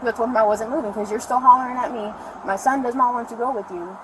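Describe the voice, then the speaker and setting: A woman's voice: on the high side, steady tone, fast. Rambling woman on a noisy body cam. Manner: rambling, breathless retelling. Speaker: arrested mother. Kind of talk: recounting events to police. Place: outdoors by a store parking lot. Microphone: police body camera.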